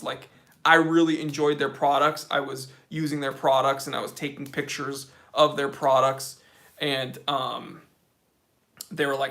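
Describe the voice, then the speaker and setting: A man's voice: on the high side, a bit bright. A man hosting a casual live question-and-answer stream about watches, chatty and rambling with frequent fillers. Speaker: watch channel host.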